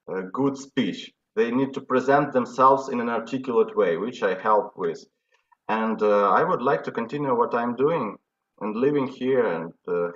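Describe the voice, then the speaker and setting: A man with a Ukrainian accent who coaches public speaking, answering an interview earnestly and repeating his words. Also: mid-range voice. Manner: earnest, repeats words, demonstrates humming and shouting exercises. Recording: echoey room, dull sound.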